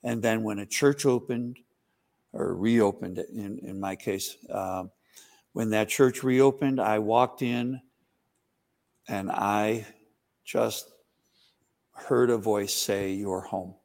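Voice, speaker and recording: A man's voice: lowish voice, slow pace, gravelly, long pauses, darkish tone. A man who is a priest, answering interview questions in a rambling, explanatory way with frequent fillers. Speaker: Byzantine Catholic priest.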